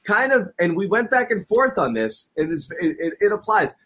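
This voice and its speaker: Husky, animated middle-aged man talking sports. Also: high voice, normal speed. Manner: animated storyteller, acts out quotes. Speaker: podcast co-host. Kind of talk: casual sports chat.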